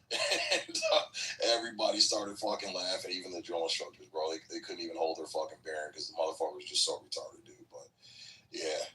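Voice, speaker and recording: A man's voice: low voice, steady tone, a little fast, pushed and bright, distant mic, poor audio. A man who served as a recruit, telling rambling, profanity-laden stories in a casual chat. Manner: profane, rambling storyteller with many fillers.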